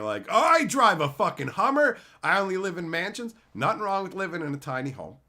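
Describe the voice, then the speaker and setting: A fairly high-pitched man with a bright, sharp voice hosting a live stream, swinging his pitch up and down as he rants. He swears freely and drips with sarcasm while reading out chat comments. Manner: profane, sarcastic, animated ranting. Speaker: livestream host reading chat. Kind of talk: casual ranting commentary.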